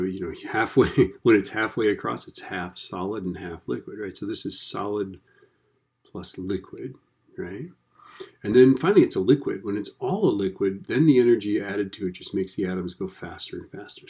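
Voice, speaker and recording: A man's voice: fairly low pitch, a little mellow. A man teaching a recorded lesson in a chatty, casual way, often checking in with "right?". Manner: chatty, keeps asking "right?".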